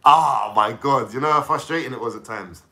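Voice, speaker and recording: A man's voice: mid-range voice, bright, forceful tone. Mocking, slangy London man. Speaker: vlogger. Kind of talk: casual ranting to camera.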